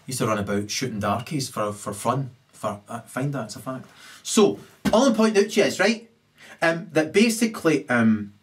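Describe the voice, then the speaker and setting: A man in a rambling, ranting monologue, constantly tagging his points with questions. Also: mid-range voice. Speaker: commentator.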